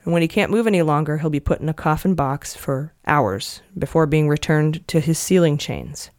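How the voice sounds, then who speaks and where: A woman's voice: deep voice, moderate pace, a little mellow, no echo, clean studio sound. A woman hosting a casual podcast, earnestly recounting a story and reading passages aloud. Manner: earnest storyteller, emotional at times. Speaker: podcast host recounting a book.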